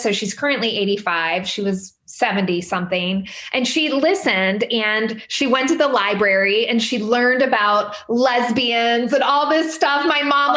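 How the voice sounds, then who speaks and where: A woman in her forties telling personal stories as a podcast guest, animated, with lots of fillers and sudden high quoted voices. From Midwestern United States. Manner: animated, many fillers, jumps up in pitch quoting others. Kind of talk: candid conversational storytelling. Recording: roomy echo.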